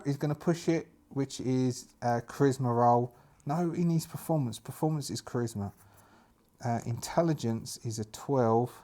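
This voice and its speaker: A man narrating a solo tabletop game, talking out loud through his dice rolls and the rules in a chatty manner. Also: mid-range voice. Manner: chatty, thinks aloud over dice rolls.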